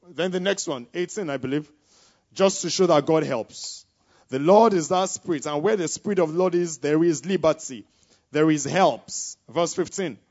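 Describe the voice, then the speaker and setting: A man's voice: fairly high pitch, lively intonation, moderate pace. Impassioned male preacher, lo-fi recording. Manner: call-and-response preaching, repeated checks with the listeners; swings from quiet asides to loud exclamations. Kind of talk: sermon to students. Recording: dull lo-fi recording.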